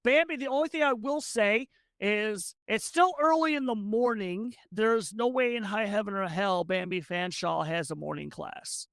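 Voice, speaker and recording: A game master narrating a tabletop game in a rambling, quick way with many restarts, close to the mic. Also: medium pitch, a bit bright, dry recording.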